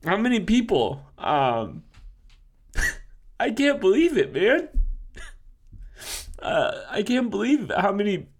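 A man co-hosting a podcast, crying as he speaks haltingly, full of fillers and teary laughs. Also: sits high. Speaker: podcast co-host. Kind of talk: emotional podcast farewell.

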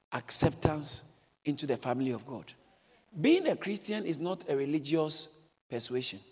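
Animated high-pitched male preacher. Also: slightly rough, in a large hall. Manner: animated preaching, bursts into shouts when quoting. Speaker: pastor. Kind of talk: sermon. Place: church.

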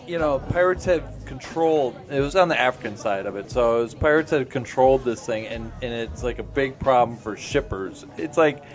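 A man's voice: medium pitch, expressive, brisk, hardly any pauses, soft background music. A man in casual podcast chat who rambles through stories and laughs often.

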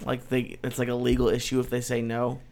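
A man's voice: medium pitch, completely flat delivery, a little fast, vocal fry, darkish tone. A man, a guest in a casual chat, talking hesitantly. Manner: hesitant, unsure.

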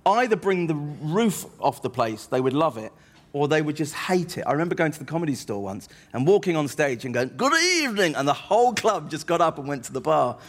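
Comedian telling stories. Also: male voice, a little high, lively intonation, fairly quick. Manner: rambling, self-deprecating storyteller. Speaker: comedian guest. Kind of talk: anecdotal interview chat.

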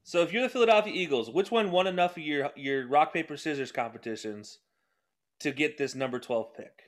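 A man co-hosting a casual sports podcast, talking quickly with sarcastic asides and laughs. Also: a little high. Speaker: podcast co-host.

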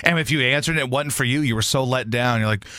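A man's voice: quick pace, dry recording, clean studio sound. A man filling in as a sports radio host, ranting about fans and trading stories with a co-host, and dropping into mocking voices. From grew up in Baton Rouge, Louisiana. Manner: animated, ranting, mocks fans in high squeaky put-on voices. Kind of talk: sports talk radio rant. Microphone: studio microphone.

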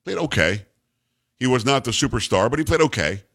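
Blunt, animated male talk host. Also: medium pitch, fairly quick, breathy edge. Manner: blunt, repetitive, emphatic. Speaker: radio talk show host. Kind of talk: opinionated monologue on sports news.

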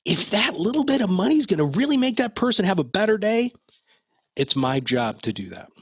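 A man's voice: high-pitched, big pitch swings, a little fast, breathy edge, no room sound, studio quality. A middle-aged man talking as a podcast guest, earnest and upbeat, with casual asides. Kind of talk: interview talk.

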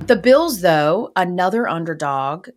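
A woman's voice: on the low side, a little slow, soft background music. A woman hosting a sports talk show, chatting casually and animatedly about football with a co-host. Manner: lively, animated, chatty with fillers. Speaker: podcast host.

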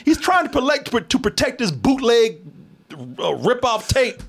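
A man riffs through a movie recap in a loose, profane way, laughing often and stumbling over repeated words. His voice sits high for a man. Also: unhurried, vocal fry. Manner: animated, laughing, repeats himself. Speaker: podcast co-host.

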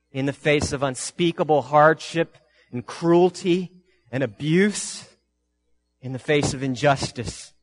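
A pastor preaching a sermon in a church, reading scripture in a deliberate, earnest way and rising with emphasis. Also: male voice, mid-range voice.

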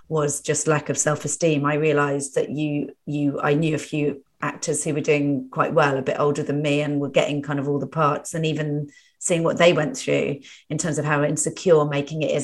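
Woman, 30s, from England, low voice, candid presenter-guest. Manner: frank, self-deprecating, fluent. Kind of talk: casual podcast chat.

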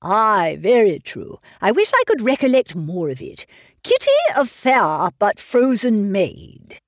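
Mr. Woodhouse, a woman doing a fretful old gentleman. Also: medium pitch, huge pitch swings, takes it slowly, no echo, studio quality, heavily acted. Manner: plaintive, sighing, fussing over family. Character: fretful elderly gentleman, anxious and fussy. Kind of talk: audiobook reading of a classic novel.

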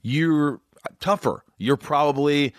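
Loud New man hosting a chat. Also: fairly high pitch, takes it slowly, no echo, studio quality. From New York. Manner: loud, self-described, talks in restarts. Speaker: podcast host. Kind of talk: casual chat.

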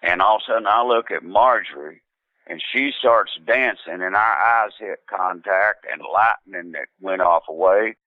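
Deep-voiced man on a phone line. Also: normal speed, dry recording. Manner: rambling, laid-back, many fillers and restarts, quotes others in voices. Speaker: musician guest. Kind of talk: casual anecdotal storytelling.

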